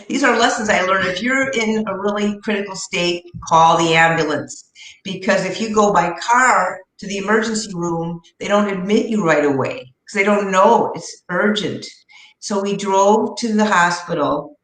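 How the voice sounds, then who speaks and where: A middle-aged woman, a guest in an interview, telling personal stories in an earnest, heartfelt way and slowing down for emphasis. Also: lowish voice, fairly bright tone. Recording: roomy echo.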